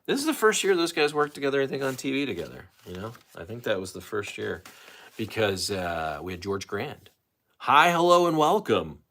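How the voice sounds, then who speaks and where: Male livestream host, lowish voice, loose self-interrupting casual chat. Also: big pitch swings, a little fast, a bit bright. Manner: loose, self-interrupting, chatty with many fillers.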